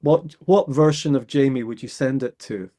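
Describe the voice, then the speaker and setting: A man's voice: medium pitch, moderate pace, mellow. A man hosting a podcast interview, asking thoughtful, probing questions and rephrasing them as he goes. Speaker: podcast host.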